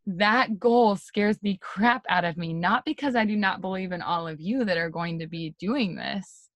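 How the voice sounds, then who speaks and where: A woman's voice: mid-range voice, moderate pace, no room sound. Upbeat lady hyping up her team over a zoom call, chatty, dry close sound. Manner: energetic, chatty, lots of "like" and "you guys". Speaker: team leader giving a pep talk. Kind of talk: motivational talk on a video call. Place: home, on a video call. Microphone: video call.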